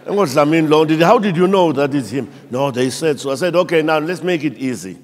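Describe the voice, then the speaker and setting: Speaking slightly quickly in a higher register, this South African preacher brings his sermon's stories alive by performing the voices of the characters he quotes. His words echo at length through a big church hall.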